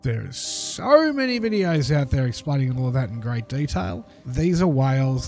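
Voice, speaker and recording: A man with a mellow, relaxed voice lectures his viewers in an emphatic commentary, hammering home his points over and over. His pitch sits in an ordinary middle range. Faint music runs underneath. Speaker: commentator reacting to a video. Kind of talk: critical commentary over a clip.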